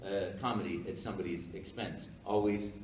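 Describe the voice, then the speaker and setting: A man's voice: sits low, a little fast, a little hiss or hum. Older man telling stories in an echoey hall. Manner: animated, rambling, acts out quotes. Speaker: guest speaker. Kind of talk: storytelling talk on stage. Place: hall at a live event. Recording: roomy hall echo, from far off, faint ambience.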